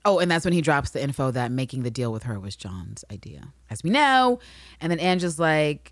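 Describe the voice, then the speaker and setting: Lively woman recapping with big voice swings. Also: sits low, a little fast, no room sound, studio quality. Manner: animated, acts out characters with big voice swings. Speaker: podcast co-host. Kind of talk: casual recap chat.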